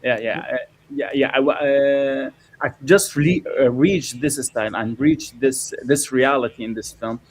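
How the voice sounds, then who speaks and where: Halting filmmaker. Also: male voice, mid-range voice, fairly even intonation, rough recording. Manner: halting, many fillers and restarts. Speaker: documentary filmmaker. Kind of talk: interview answers.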